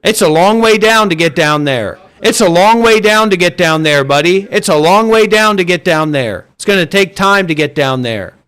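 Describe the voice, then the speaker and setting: A man's voice: sits high, expressive, normal speed, hardly any pauses, fairly bright tone, smooth. A man hosting an online voice chat and livestream, scolding listeners with profanity and repetition. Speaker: voice chat host and streamer. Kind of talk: livestream rant.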